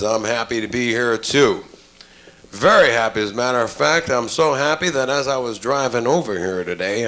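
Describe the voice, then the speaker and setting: A man's voice: mid-range voice, fairly bright tone. A man hosting a talk show, welcoming the audience in a folksy, self-deprecating way. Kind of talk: stage welcome with jokes.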